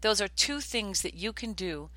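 A woman's voice: medium pitch, expressive, normal speed, pushed and bright, no room sound. An older woman hosting a podcast, talking in an earnest, chatty way and telling stories. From United States. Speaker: podcast host. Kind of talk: casual podcast talk.

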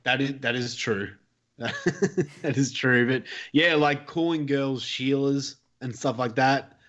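A man's voice: mid-range voice, takes it slowly, fairly bright tone, muffled recording. A man with an Australian accent, an easygoing podcast guest explaining things in casual chat.

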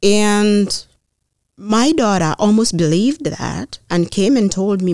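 Woman, middle-aged, earnest storyteller, measured pauses, dry close sound. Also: mid-range voice, a little mellow, no room sound. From Kenya. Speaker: mayoral candidate, guest. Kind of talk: personal storytelling in conversation.

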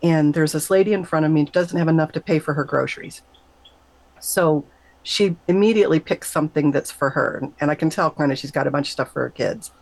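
A middle-aged woman, a nurse, telling an emotional personal story in an interview, animated and emphatic, her voice leaping up whenever she quotes herself. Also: a little fast, vocal fry, no echo, low-quality recording. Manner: animated, emphatic, jumps high when quoting herself. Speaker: guest, nurse.

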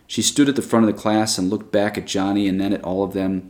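Low-voiced man reading a story. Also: steady tone, fast, few pauses, darkish tone. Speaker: narrator.

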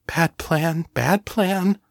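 A frightened young succubus woman, put on by a male narrator, pleads in a soft, shaky voice, pitched well above his own low tone. The audiobook read is dry and close, with no room sound. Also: very slow, creaky, dry recording, full character voice.

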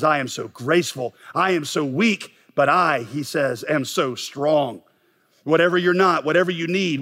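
A middle-aged male pastor delivering a sermon with a somewhat high-pitched voice. He preaches with passion, building his points up to emphatic peaks. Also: a bit bright.

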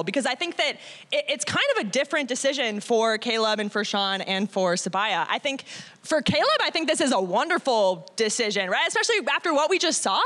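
Woman panel guest, high and lively, bright tone, hall reverb. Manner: gushing, animated, lots of "like". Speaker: guest, former contestant. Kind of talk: live panel chat. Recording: reverberant live venue.

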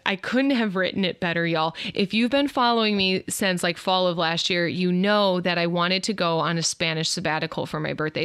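A woman, hosting her own podcast in an upbeat, expressive, chatty way. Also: on the low side, moderate pace, hardly any pauses, clear, resonant tone, no echo, studio quality. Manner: upbeat, expressive, says "y'all". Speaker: podcast host. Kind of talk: casual solo podcast talk.

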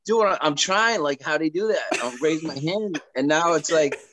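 A man from Boston talks with a strong Boston accent. His voice sits slightly high. He rambles excitedly and a little sheepishly over a video call. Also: normal speed, crowd noise. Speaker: guest caller. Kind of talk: casual chat.

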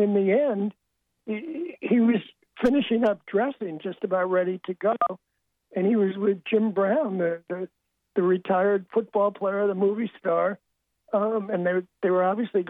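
An older man, a sportswriter guest, telling wry anecdotes in a halting way with many restarts. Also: sits high, dry recording. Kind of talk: storytelling interview. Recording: tinny dry phone line.

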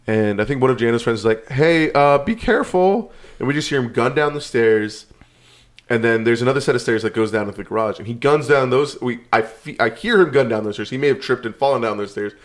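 A man's voice: mid-range voice, quick pace. A man telling a story in casual chat, rambling and laid-back, swearing now and then.

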